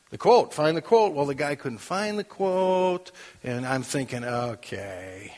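Middle-aged guy, kinda high voice, telling a story all animated, lots of "you know", big hall echo behind him. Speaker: father telling a personal story. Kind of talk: personal storytelling, sermon-like talk.

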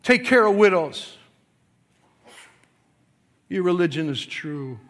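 Man, pastor, sermon, high voice, forceful preaching, quiet to yelling. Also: big pitch swings, takes it slowly.

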